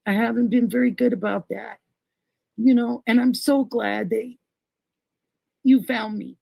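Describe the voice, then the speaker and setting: A woman's voice: on the high side, steady tone, a little slow, creaky, darkish tone, slightly rough, no room sound, poor audio. A middle-aged woman hosting a casual livestream, reading viewer comments aloud and gushing thanks to each person by name. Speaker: livestream host.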